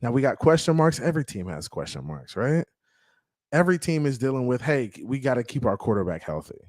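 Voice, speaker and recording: A man hosts a fan livestream in casual, slang-heavy talk and reads out the live chat. His pitch sits in an ordinary middle range. The sound is dry and close, with almost no room around it. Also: big pitch swings, a little fast, a little mellow, dry recording. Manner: hyped, slangy, greets chatters by name. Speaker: fan podcast host reading live chat.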